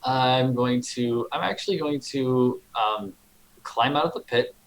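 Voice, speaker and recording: A man playing a tabletop game, calmly explaining his character's actions. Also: mid-range voice, measured pace, low-quality recording. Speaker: player. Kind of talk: casual tabletop play.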